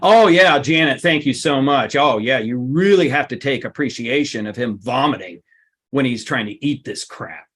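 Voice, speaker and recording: A man giving a lively seminar talk, emphatic and blunt, his voice leaping up on the points he stresses. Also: normal speed, husky. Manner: emphatic and blunt, with sudden pitch jumps. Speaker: workshop speaker.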